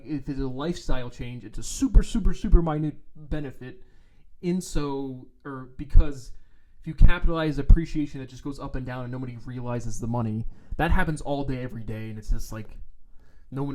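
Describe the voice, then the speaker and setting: A man's voice: medium pitch, warm tone. A man on his trading vlog, talking in a blunt, profane and sarcastic rant, now and then mocking others in put-on voices. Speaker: trading vlogger. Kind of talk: ranting casual monologue. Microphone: own microphone, adjusted while talking.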